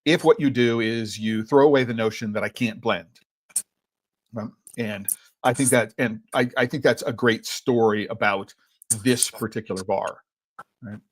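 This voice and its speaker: A man's voice: mid-range voice, normal speed. A man hosting a podcast tasting, talking loosely and often ending thoughts with "right?" as he chews. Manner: rambling, frequent "right?" tag questions; talks while chewing chocolate. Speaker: podcast host and chocolate educator. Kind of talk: conversational tasting commentary.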